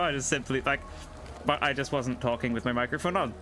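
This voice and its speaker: A man's voice: mid-range voice, a little fast, a crowd in the background. A man chatting casually while streaming a game live, rambling and thinking aloud at his desk microphone. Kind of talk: casual live gameplay commentary.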